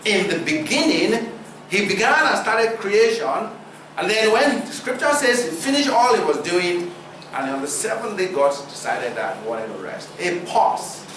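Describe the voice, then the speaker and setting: A man delivers a sermon from some distance to the mic, his voice ringing through a very roomy church hall. His pitch sits high and swings widely, and he poses rhetorical questions to the congregation with deliberate pauses. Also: very animated, a bit bright, a little hiss or hum. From Nigeria. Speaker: preacher.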